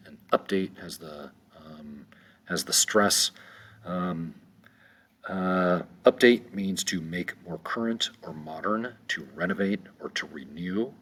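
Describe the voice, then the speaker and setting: A man teaching a vocabulary lesson in one unedited take, slow and deliberate with frequent ums and restarts. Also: low-pitched, a bit bright.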